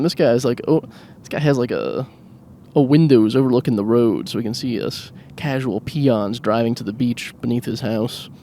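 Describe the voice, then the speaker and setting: A man's voice: mid-range voice, warm tone, a little hiss or hum. A man hosting a solo podcast while driving a car. He rambles comically, mocks himself and laughs at his own jokes. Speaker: podcast host. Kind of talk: solo rambling comedic monologue.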